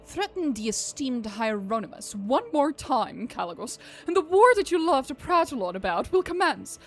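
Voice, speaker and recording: A haughty noble hurling pompous threats in a raised, high, overblown voice, as a woman puts it on. The delivery is slow and loud, clearly a voice being done for a game scene. Faint music sits under it. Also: sing-song, exaggerated voice. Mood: threatening.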